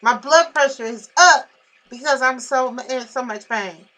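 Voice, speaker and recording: A woman with a high, bright voice vents straight to camera, blunt and irritated. She is in pain and speaks with heavy emphasis. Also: lively intonation, moderate pace, low-quality recording. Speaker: vlogger. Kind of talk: venting to camera.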